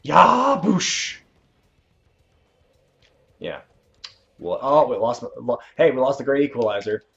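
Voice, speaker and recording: Laid-back lively male streamer. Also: mid-range voice, moderate pace, soft background music. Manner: laid-back, rambling, chuckling. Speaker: host. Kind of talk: livestream game commentary and Q&A. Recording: dull lo-fi stream mic.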